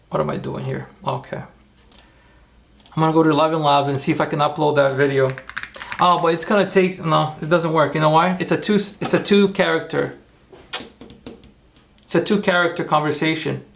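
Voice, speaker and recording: A man live-streaming while he works on his computer, rambling and thinking out loud, talking to his chat. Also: a little high, creaky. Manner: thinking aloud, rambling, self-correcting. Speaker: streamer making AI videos. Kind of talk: live-stream screen-work commentary.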